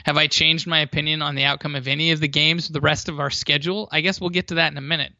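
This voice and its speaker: A man's voice: on the high side, fairly even intonation, quick pace, gravelly, bright, forceful tone, dry recording, muffled recording. A man co-hosting a sports podcast in casual chat, rambling and restarting his sentences.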